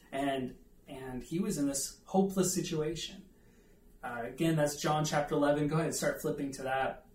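A man's voice: a little high, darkish tone, a little hiss or hum. A man preaching a conversational sermon, telling a self-deprecating story with asides to the audience. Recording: echoey room, mic at a distance.

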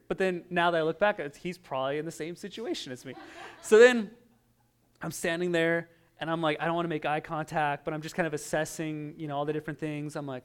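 A man preaching a sermon, telling a personal story with lively, animated delivery and acted-out quotes. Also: a little high, fairly quick, clear, resonant tone. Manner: animated storytelling, acting out his own voice in quotes. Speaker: pastor.

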